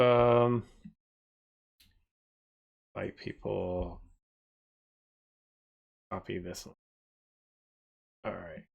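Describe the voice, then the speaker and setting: Male streamer, unhurried, lowish voice, rambling and thinking out loud to chat. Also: gravelly. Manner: rambling, thinks aloud, often trails off quieter. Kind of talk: casual live-stream chat.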